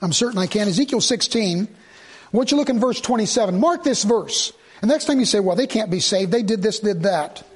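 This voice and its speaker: A preacher with a strikingly high male voice delivers a sermon. He reads scripture in slow, measured phrases. Then he presses his points with rising, insistent emphasis.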